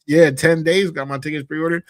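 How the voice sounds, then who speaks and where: A man co-hosting a casual sports talk stream, laid-back and slangy with halting starts. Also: on the high side, steady tone, a loud crowd. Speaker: podcast co-host.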